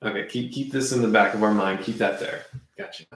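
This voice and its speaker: A man playing an improv word game, talking in a halting, musing way. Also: lowish voice, fairly bright tone, echoey room. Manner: halting, musing, full of fillers.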